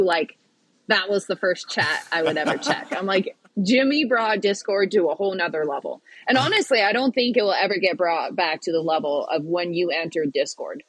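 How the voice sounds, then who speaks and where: A woman with a mid-range voice chats casually and animatedly as a guest on a podcast, laughing often. She plays pickleball, and the audio quality is poor.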